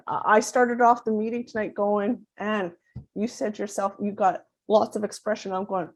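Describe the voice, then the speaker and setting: A woman in her fifties giving a conference talk as a parent advocate, animated and acting out quoted dialogue as she explains. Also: mid-range voice, moderate pace. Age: 50s.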